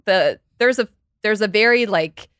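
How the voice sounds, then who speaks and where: A woman's voice: medium pitch, smooth, dry recording, studio quality. A woman in her thirties talking casually and animatedly as a podcast guest, explaining with lots of "like"s. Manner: animated, explains fast with many "like"s. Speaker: guest, company co-founder.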